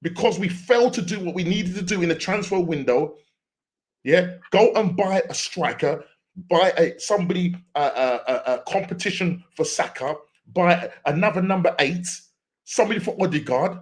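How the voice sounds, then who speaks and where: High-voiced man ranting about football. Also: animated, moderate pace. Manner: exasperated, ranting, repeats phrases and restarts words. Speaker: football fan channel host. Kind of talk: post-match fan reaction rant.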